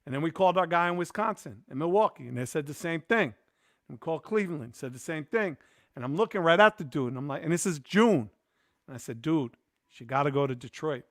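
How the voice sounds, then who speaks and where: A man's voice: a little high, fast talker, no room sound, studio quality. A man hosting a podcast who tells a story in casual chat, acting out the voices of the people he quotes. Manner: animated, acts out quoted voices. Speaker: podcast host.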